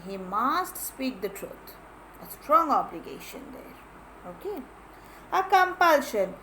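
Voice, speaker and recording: Lively high-voiced teacher. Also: female voice, slight background noise, poor audio. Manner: clear, emphatic, repeats key phrases. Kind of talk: grammar lesson.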